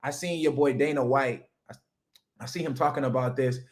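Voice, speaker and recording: A man's voice: medium pitch, steady tone, fairly quick, darkish tone. A man hosting a livestream, giving an emphatic, profane motivational rant about business straight to his chat. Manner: talks straight to chat viewers. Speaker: livestream host, business coach.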